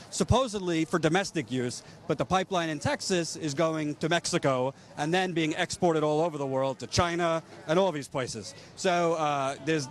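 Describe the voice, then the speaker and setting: A man reporting outdoors at a protest, speaking in an impassioned, rapid-fire rant full of rhetorical questions. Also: on the high side. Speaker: political reporter. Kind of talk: street commentary at a protest.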